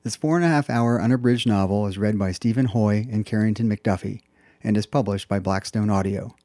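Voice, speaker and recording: A man's voice: on the low side, a little fast, dark tone, no room sound, studio quality. A man presenting a scripted audiobook review in an enthusiastic, polished way.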